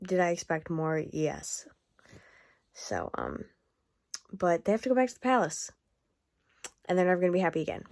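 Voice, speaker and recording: A woman's voice: on the low side, wildly swooping pitch, normal speed, pauses often, a little mellow, no room sound. A young woman vlogging about a book in a casual video diary, rambling and gushing with lots of fillers and restarts.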